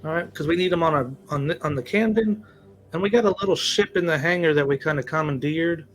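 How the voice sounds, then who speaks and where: Fast-talking man player. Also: on the high side. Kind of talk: casual tabletop role-play.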